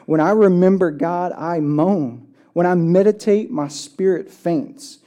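Pastor for a relaxed church sermon: mellow tone, chatty delivery, slow deliberate scripture reading. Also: mid-range voice, highs cut off. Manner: conversational, often checks in with "right?"; reads scripture slowly and deliberately.

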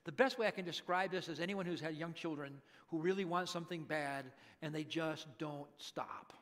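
A middle-aged male pastor preaching a sermon, dramatically acting out pleading voices and hushed prayers. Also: a little high, normal speed.

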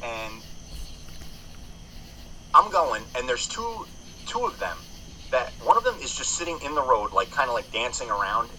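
Guy ranting on a podcast, super bright sharp voice, bouncy pitch, lots of cussing. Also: slight background noise, low-quality recording. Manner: profane, rambling storyteller with many restarts. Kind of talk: casual chat.

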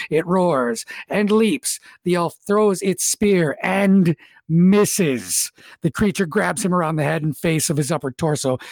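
A man's voice: fairly high pitch, darkish tone, dry recording, studio quality. A man hosting a tabletop game as dungeon master, narrating scenes vividly and speaking to the players as "you".

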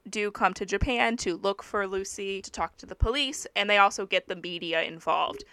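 A young woman telling a story in a casual podcast chat, with many fillers and lively asides. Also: mid-range voice, clear, resonant tone, no room sound. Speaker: podcast co-host. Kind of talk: casual true-crime chat, reading aloud.

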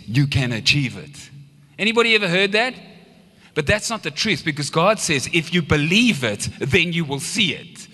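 A male pastor delivers a live sermon in a lively storytelling manner, throwing questions out to the congregation. His voice is a touch high and bright, with a forceful edge. The hall gives it a long, ringing reverb. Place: church hall.

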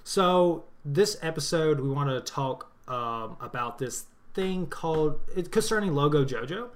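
A man's voice: on the high side, expressive, measured pace. A young man hosting a casual podcast, talking loosely with lots of fillers and jokes. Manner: loose, filler-heavy, joking. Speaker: podcast host. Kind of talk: casual chat.

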